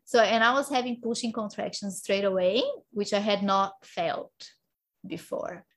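A woman in her thirties telling her birth story in a casual chat, lively and often laughing. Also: mid-range voice, unhurried. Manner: animated, laughing, acts out quoted voices.

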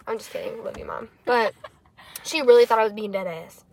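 A woman's voice: fairly high pitch, normal speed, darkish tone, slight background noise. A young woman co-hosting a casual podcast from a parked car, blunt and swearing constantly as she rants and jokes. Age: young adult. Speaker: podcast co-host. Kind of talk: casual chat.

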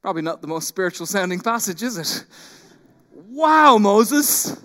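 A man preaching a sermon as pastor, animated, acting out quoted complaints and then dropping into quiet intensity. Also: high-pitched, normal speed. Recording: long hall reverb.

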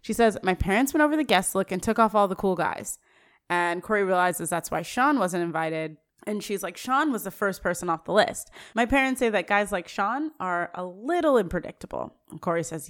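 A woman's voice: medium pitch, fairly quick. Young woman, podcast co-host, casual recap chat, acts out quoted lines.

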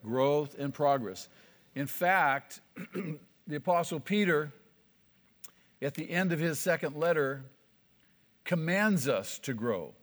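A man's voice: a little high, lively intonation, slow pace, long pauses, fairly bright tone. A male pastor preaching an emphatic sermon, repeating key phrases for weight. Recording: long hall reverb.

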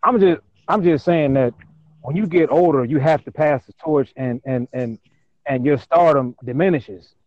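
A man's voice: a little high, normal speed, no echo. Emphatic man debating basketball on a muffled line. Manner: emphatic, repeats words when starting a point. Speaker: panelist. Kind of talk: casual sports debate.

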